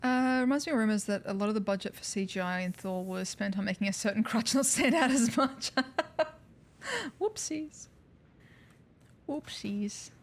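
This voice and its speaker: A woman's voice: medium pitch, animated, moderate pace. A woman streaming a video game, chatting casually, thanking viewers and making wry asides. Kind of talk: casual livestream commentary.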